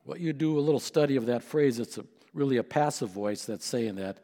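A middle-aged male pastor preaching a sermon, building to emphatic peaks and then dropping to hushed tones. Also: mid-range voice, a little fast, in a large hall.

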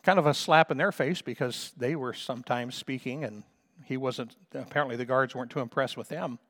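Male pastor, middle-aged, mid-pitched, fervent sermon delivery with slow stretched emphasis. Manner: fervent, rising to loud emphatic peaks, stretching key words slowly.

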